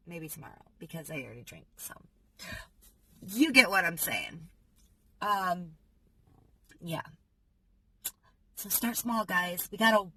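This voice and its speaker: A young woman chatting casually in a self-help vlog, telling stories in an animated way with lots of fillers. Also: fairly low pitch, a little hiss or hum, poor audio. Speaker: vlogger.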